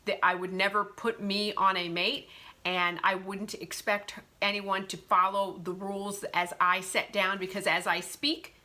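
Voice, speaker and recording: A woman voicing an ancient, proud, domineering male immortal warrior, speaking slowly and sternly. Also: medium pitch, level tone, bright, forceful tone. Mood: brooding.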